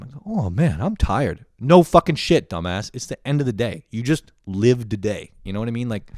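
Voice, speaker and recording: A man's voice: fairly low pitch, no room sound, clean studio sound. A man ranting in a profane, rambling, mock-angry stand-up style. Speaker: comedian.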